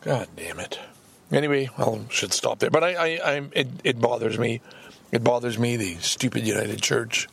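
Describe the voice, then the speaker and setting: A man's voice: medium pitch, moderate pace, creaky, fairly bright tone, slightly rough. A man hosting a podcast, ranting angrily and profanely with heavy emphasis. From Canada. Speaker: podcast host. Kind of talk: solo podcast rant.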